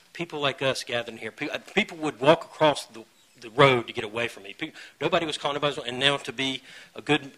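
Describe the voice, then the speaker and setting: A man sharing his own story at a recovery meeting. He talks earnestly, pokes fun at himself and now and then breaks into loud bursts. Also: mid-range voice, low-quality recording. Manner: earnest, self-mocking humor with sudden loud bursts. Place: meeting room.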